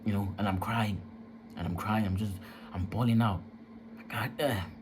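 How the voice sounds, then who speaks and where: A man's voice: on the low side, steady tone, moderate pace, background noise. A young man candidly telling a personal story, emotional and profane, in casual street slang.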